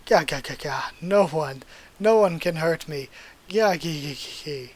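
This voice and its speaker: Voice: mid-range voice, a little slow, breathy edge. A manga reader voicing a boastful, cackling male thug villain with broken speech.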